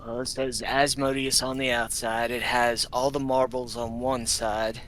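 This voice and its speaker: A man's voice: mid-range voice, little pitch movement, measured pace, a bit bright, soft background music. A man playing in a tabletop game, chatting casually with a dry, self-deprecating manner. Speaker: player.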